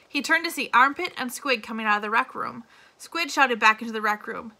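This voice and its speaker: Bright woman reading a novel aloud. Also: on the high side, animated, a little fast. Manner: reads dialogue with character voices. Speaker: reader.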